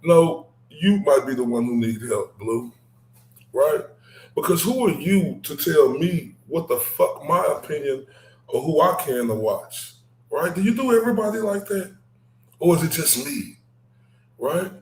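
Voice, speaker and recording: A man from Dallas, hosting a casual livestream chat, animated and laughing, ending points with "right?". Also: on the high side, a little slow, echoey room. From Dallas, Texas. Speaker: livestream host.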